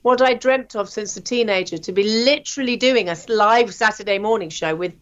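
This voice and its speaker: A woman, a TV presenter, telling her career story in a chatty, animated way with plenty of ums. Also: medium pitch, a little fast, highs cut off. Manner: chatty, animated anecdotes with frequent fillers. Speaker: guest, TV presenter. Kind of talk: interview storytelling.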